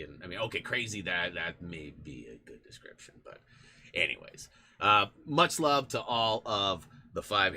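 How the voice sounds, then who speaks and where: A man hosts a live stream with a bright, forward tone, and his pitch rises and falls a great deal as he talks. His chat is loose and rambling, with restarts, as he thanks supporters by name. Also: slight background noise. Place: in front of a green screen.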